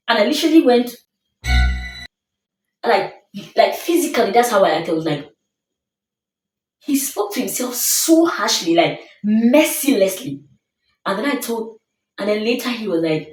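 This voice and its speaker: A woman's voice: mid-range voice, sing-song, normal speed, a little mellow. Earnest woman, roomy and distant. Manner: earnest, emphatic, repeats phrases as refrains. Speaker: self-help vlogger. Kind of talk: motivational talk to camera. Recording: roomy sound, distant mic.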